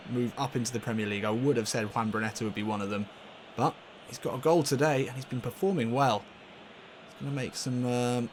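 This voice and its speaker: A man commentating casually on his own football video game match, getting loudly excited and laughing at near misses. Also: medium pitch, a little hiss or hum. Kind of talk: casual let's-play commentary.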